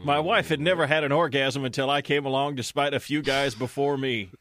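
A man's voice: mid-range voice, fairly even intonation, a little fast, a bit bright, dry recording. A young man co-hosting a comedy podcast, reading a listener's letter aloud with frequent chuckles and side remarks. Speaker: podcast co-host.

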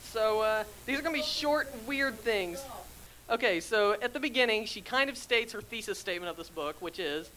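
A woman's voice: on the high side, lively intonation, moderate pace, fairly bright tone, low-quality recording. A woman reading on stage at a comedy event, giggly, with wry asides to the crowd. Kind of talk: comic live reading.

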